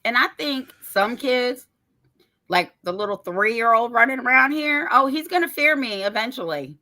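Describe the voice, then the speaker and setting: Blunt, bright-voiced middle-aged woman. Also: fairly high pitch, lively intonation, normal speed. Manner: blunt, profane, laughs a lot. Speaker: podcast co-host. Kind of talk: casual podcast chat.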